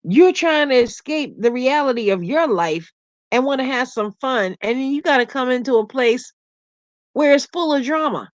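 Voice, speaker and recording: A middle-aged woman hosting a casual livestream, chatting with viewers, laughing often and telling animated stories. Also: high-pitched, moderate pace, dry recording. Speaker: YouTube livestream host. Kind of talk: casual livestream chat reading comments.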